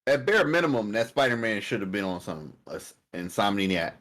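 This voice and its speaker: A man's voice: lowish voice, very animated, fairly quick, fairly bright tone. A man co-hosting a casual gaming podcast, chatty and explaining game details. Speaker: podcast co-host.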